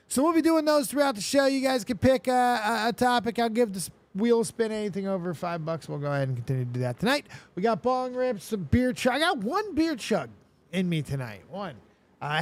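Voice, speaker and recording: A man hosting a casual show, talking in a rambling, profane, excitable way. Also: high voice. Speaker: host. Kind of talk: casual chat.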